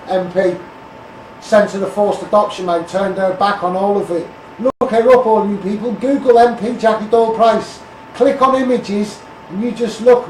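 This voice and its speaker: A high-pitched Scouse man hammers out a blunt, emphatic live-stream rant, calling everyone mate. His phone picks him up from a distance, so the voice sounds echoey and roomy, with a faint hiss of background noise underneath. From Liverpool area. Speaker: Facebook Live campaigner. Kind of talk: ranting live stream monologue.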